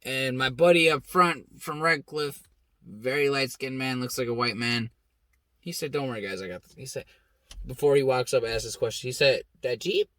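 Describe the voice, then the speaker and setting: A young man hosting his own show, telling a story in a blunt, heavily profane, animated way and acting out the people he quotes. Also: medium pitch, moderate pace, no room sound. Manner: acts out quoted lines with raised shouting voice. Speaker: host. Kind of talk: casual storytelling monologue.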